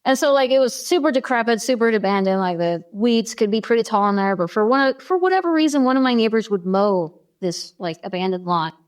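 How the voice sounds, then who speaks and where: Animated woman telling her story. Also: on the high side, a little fast, hardly any pauses. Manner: animated, many fillers, acts out quoted dialogue. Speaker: podcast guest. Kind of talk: personal storytelling in an interview.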